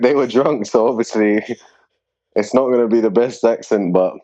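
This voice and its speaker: A man being interviewed as a grappling competitor, talking in a relaxed, rambling way with lots of fillers. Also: mid-range voice, normal speed. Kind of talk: casual interview chat. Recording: dull lo-fi sound.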